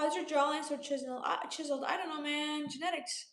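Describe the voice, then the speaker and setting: A woman's voice: sits high, fairly even intonation, fast, hardly any pauses, a bit bright, echoey room. A woman in her late twenties from Romania, casually chatting on a livestream, reading out viewer comments and answering them in a laid-back way. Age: 20s. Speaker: livestream host.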